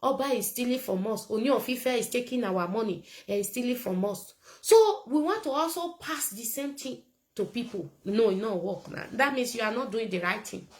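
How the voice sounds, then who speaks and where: A woman with a Nigerian accent talks straight to camera in a casual political rant, her voice sitting a little high. She is blunt and emphatic and circles back to hammer the same points again. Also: animated, normal speed, rough recording. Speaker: political commentator.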